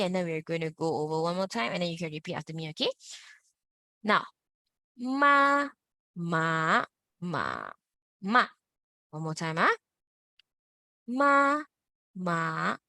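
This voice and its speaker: A woman's voice: lowish voice, pushed and bright, no echo. A woman teaching an online Mandarin class, drawing out each tone in big swoops and leading repeat-after-me drills. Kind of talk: online language lesson.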